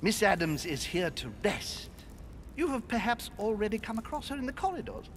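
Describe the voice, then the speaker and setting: An actor playing a courteous aristocratic manor host in a video game, speaking politely and smoothly. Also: male voice, sits high, big pitch swings, normal speed, a little hiss or hum.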